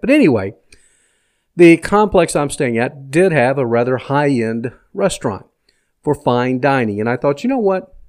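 A middle-aged man calmly recounting a personal story in a casual, conversational way, as a vlogger talking to his viewers. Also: mid-range voice. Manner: reflective, conversational, recounts dialogue plainly. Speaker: vlogger sharing personal stories.

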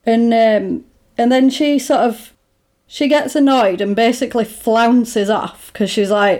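A woman in relaxed conversation, recapping a film plot at length. She talks in a casual, rambling way, with plenty of fillers, and slips into the characters' voices when she quotes them. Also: on the high side, measured pace. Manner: chatty retelling with lots of "like" and "basically", acting out characters' lines. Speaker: podcast co-host recapping a film. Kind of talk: casual chat.

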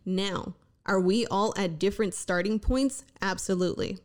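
A woman in her thirties, speaking at normal speed in a mid-range voice, hosts a casual solo podcast through a podcast microphone. Chatty and candid, she swears freely and mocks herself while giving a pep talk.

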